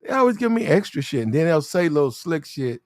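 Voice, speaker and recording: A man telling casual stories in a profane, animated way, acting out the other voices in the dialogue. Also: on the high side, fairly quick, no echo, clean studio sound. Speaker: reaction video host. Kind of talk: casual storytelling rant.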